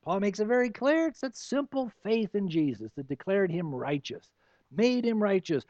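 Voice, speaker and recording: A man pastor preaching an expository sermon, animated, with rhetorical questions. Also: high voice, moderate pace, no room sound, highs cut off.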